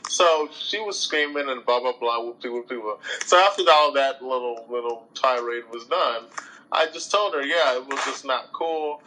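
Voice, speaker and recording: Brief: male host, casual storyteller, bright tone, mid pitch, lively and exasperated. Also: normal speed, a little hiss or hum, poor audio. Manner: animated, colloquial, exasperated retelling.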